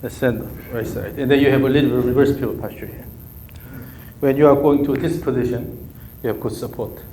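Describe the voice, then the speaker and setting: A brisk, mellow man at medium pitch keeps a steady tone while coaching a golf student live, speaking with a Korean accent. He repeats short cues through the drills. The echoey room has faint ambience, and there's a little hiss or hum.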